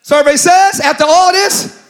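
A man preaching a sermon in an animated, slangy, joking style, with loud delivery. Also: very high voice, a little slow.

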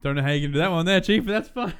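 A man's voice: sits high, rapid-fire, smooth. A man co-hosting a podcast in casual chat, playful and laughing often. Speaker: podcast co-host.

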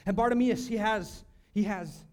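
A male pastor preaching a sermon, swinging between loud cries and hushed, quiet lines. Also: high-pitched, moderate pace, a little hiss or hum. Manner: preaching with sudden shouts and hushed drops.

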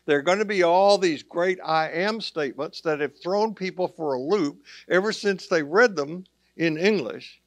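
A male pastor delivers a sermon in a relaxed, conversational way, turning to the listeners with casual asides. His voice sits a little higher than most men's. The sound is close and dry, with no room echo. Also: normal speed, hardly any pauses. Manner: conversational preaching with plain asides.

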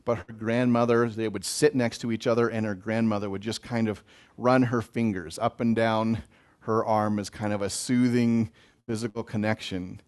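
Gentle man giving a pastoral blessing. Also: fairly low pitch, little pitch movement, moderate pace. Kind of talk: reflective spiritual talk.

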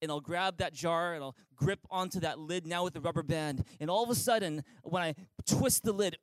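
A man's voice: on the high side, normal speed, no room sound, rough recording. A man preaching as pastor in an online church service, upbeat and inviting, leading listeners in call-and-response. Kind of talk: sermon.

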